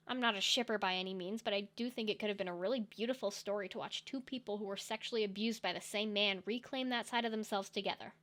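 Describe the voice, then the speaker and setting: A woman's voice: mid-range voice, a bit bright. A young woman giving sarcastic, ranting comedic commentary on films and TV. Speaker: video essay commentator.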